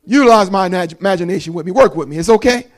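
High-voiced preacher with a Jersey accent. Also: male voice, poor audio. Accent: New Jersey. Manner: fast-talking, call-and-response preaching. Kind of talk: sermon. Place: church sanctuary.

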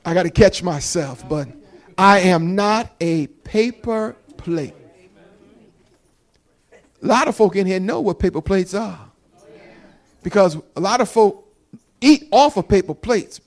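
A high-pitched man with a New Jersey accent delivers a Sunday sermon in a church. He talks quickly, swings between a soft low delivery and loud emphatic bursts, and draws the congregation into call and response. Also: animated, poor audio. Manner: fast-talking, call-and-response preaching. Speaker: preacher. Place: church sanctuary.

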